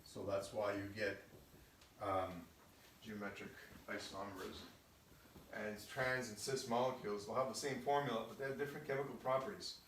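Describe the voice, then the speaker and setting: In a relaxed recorded chemistry lesson, this male teacher explains things step by step, frequently asking "okay?" to check understanding. He speaks with a fairly low, fairly bright voice in a steady tone at a moderate pace. The sound is distant and echoey, with slight hiss or hum.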